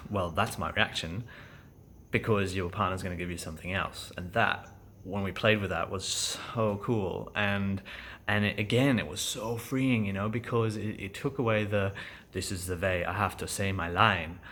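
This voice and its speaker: A man with a low voice and a German accent reflects on acting exercises in a relaxed vlog. He talks in a halting, thoughtful way, full of "um"s and restarts. A faint hiss of ambience sits behind him. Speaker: actor vlogging about acting class.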